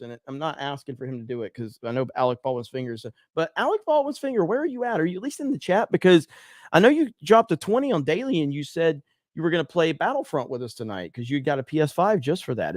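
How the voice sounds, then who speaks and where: A man's voice: fairly high pitch, no echo, clean studio sound. A man hosting a live stream casually, reading viewer messages aloud, laughing often and filling with ums. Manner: laughs a lot, loose, filler-heavy.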